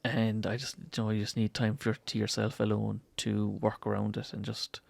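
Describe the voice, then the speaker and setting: An Irish man talking as a podcast guest in casual chat, soft-spoken, reflective and a little halting. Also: lowish voice, monotone, vocal fry, dry recording.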